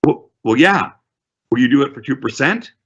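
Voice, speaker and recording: A man's voice: mid-range voice, lively intonation, normal speed, husky, dull audio, voice pushed up. A man voicing a defensive, unsure home seller who stammers and repeats himself.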